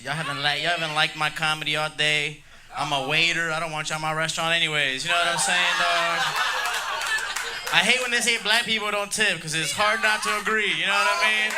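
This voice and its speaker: Male stand-up, brash and crowd-baiting, slightly high voice, live club mic with room noise. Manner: brash, crowd-baiting, tags jokes with "dog" and "you know what I mean". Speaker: stand-up comedian. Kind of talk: crude stand-up set. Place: comedy club stage.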